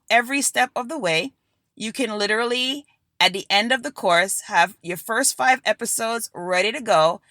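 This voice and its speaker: A woman hosting a solo motivational podcast, talking in an energetic, emphatic way and repeating key phrases. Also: mid-range voice, no room sound. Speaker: podcast host.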